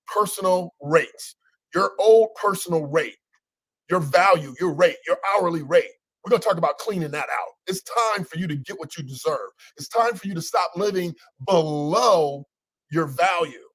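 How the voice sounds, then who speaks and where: Upbeat guy coaching folks, kinda preachy and teasing, highish voice, dry close sound. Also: no room sound, low-quality recording. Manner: energetic, teasing, preacher-like repetition. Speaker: coach and show host. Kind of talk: casual motivational talk.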